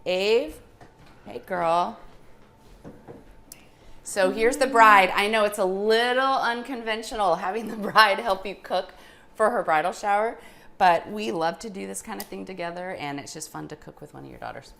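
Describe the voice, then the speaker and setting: A woman's voice: mid-range voice, normal speed, vocal fry, slight background noise. A middle-aged woman chatting casually as she demonstrates a recipe in her home kitchen. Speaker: cooking show host.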